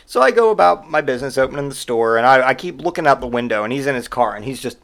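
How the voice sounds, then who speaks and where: A man's voice: medium pitch, animated, quick pace, a bit bright. A man hosting a podcast and telling stories in a casual monologue, exasperated and sarcastic, and he swears freely. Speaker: podcast host.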